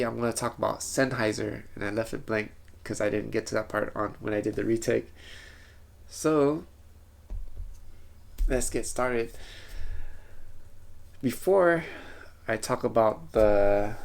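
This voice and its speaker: A man's voice: fairly low pitch, creaky. A man telling a rambling, self-correcting story in a casual vlog. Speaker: vlogger.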